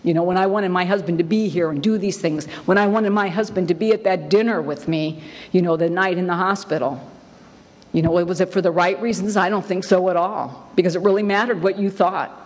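A woman's voice: on the low side, a little fast. Candid wry woman in a reverberant hall. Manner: candid, wry, emphatic, many fillers. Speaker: speaker sharing her story at a recovery meeting. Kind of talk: personal testimony talk.

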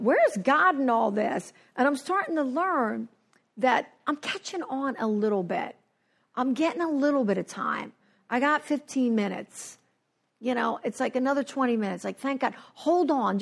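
A woman sharing her recovery story at a meeting, animated and acting out the voices of people she quotes. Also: high voice, moderate pace, creaky. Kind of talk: personal recovery share. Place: New Jersey.

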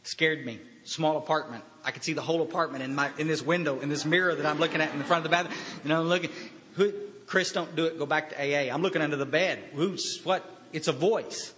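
Man telling his story in a reverberant hall. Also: fairly high pitch. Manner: halting, storytelling, quiet pauses. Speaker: recovery speaker. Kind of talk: personal recovery talk.

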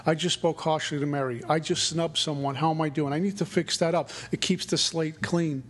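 A middle-aged recovery meeting speaker talks a little fast in a slightly rough, somewhat high voice with a steady tone. Earnest throughout, he recounts his recovery with repetitive, mantra-like wording.

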